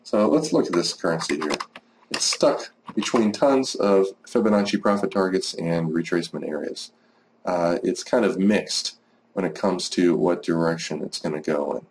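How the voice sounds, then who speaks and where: A man's voice: sits low, normal speed, slight background noise. A man teaching a trading lesson over a screen recording, talking casually and practically with many fillers. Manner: casual, rambling, lots of "uh" and "you know". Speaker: forex trading educator.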